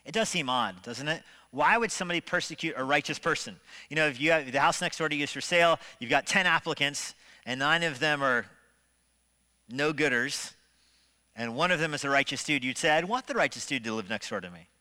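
Male pastor, sermon, bright forceful voice, slightly high pitch, lively rhetorical delivery, church hall reverb. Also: brisk. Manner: animated preaching with shifting loudness and rhetorical questions. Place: church sanctuary.

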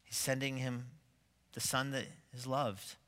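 Emphatic pastor with a bright voice. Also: male voice, medium pitch, flat delivery, unhurried, in a large hall. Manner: emphatic, building to forceful stresses; asks rhetorical questions of the congregation. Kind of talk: sermon. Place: church sanctuary.

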